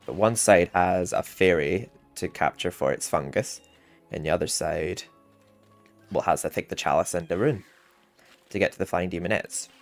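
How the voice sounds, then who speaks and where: A man with a deep, creaky voice talks at a moderate pace as he plays a video game for his gaming channel. Game music plays while he rambles casually, chatty and frequently laughing.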